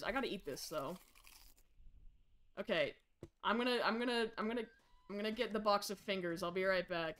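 A young woman of medium pitch and moderate pace streams a game, acting out a frazzled parent. The commentary is chaotic and excitable, lurching from muttering to abrupt shrieks.

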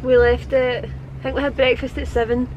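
A woman's voice: high-pitched, little pitch movement, brisk, a little mellow, dull audio. A woman chatting casually as an interviewee in a vlog, outdoors on ski slopes. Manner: chatty, storytelling. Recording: strong wind noise outdoors.

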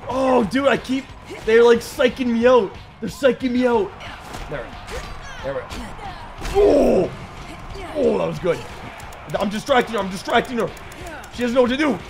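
A young man streaming a game, joking and reacting excitedly to the action. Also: very high voice, normal speed, gravelly, long pauses, over music. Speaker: gaming streamer. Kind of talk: let's play commentary.

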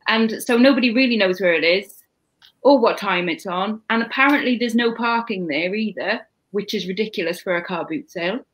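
A woman's voice: medium pitch, a little fast, a bit bright, low-quality recording. A woman co-hosting a casual live stream, rambling through a story and stumbling over repeated words. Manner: rambling, repeats words when starting a point. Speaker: co-host.

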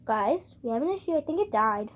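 Young woman, very high voice, bubbly, dramatic, casual vlog chat, indoors at home. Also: lively intonation, fairly quick, narrow, tinny audio. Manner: bubbly, dramatic, addresses viewers as "guys". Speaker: vlogger giving a house tour.

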